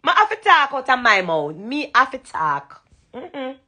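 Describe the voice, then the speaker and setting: A dancehall singer, a young Jamaican-accented woman, thanks fans on a live stream from her bedroom at night. Her high, sharp voice swings widely in pitch at a slightly slow pace, and she's emphatic and repetitive, slipping into patois.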